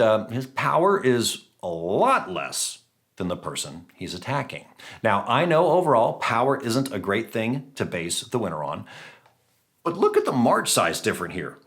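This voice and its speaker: Chatty guy doing game commentary, voice bounces all over, jokey and self-mocking. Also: a bit bright. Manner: chatty, self-mocking, playful pitch jumps. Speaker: gaming channel host.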